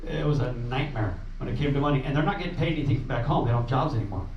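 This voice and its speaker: A man at medium pitch races through an account of a refugee relief trip for a meeting audience. It's an informal, earnest talk that rambles, peppered with fillers and restarted phrases. Recorded in a meeting room, it sounds distant, roomy and dull, with a little faint noise.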